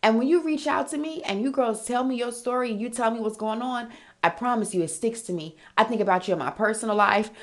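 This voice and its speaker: Sassy, candid woman podcast host. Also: medium pitch. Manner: candid, animated, sassy, addresses listeners as girl and honey. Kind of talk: casual motivational monologue.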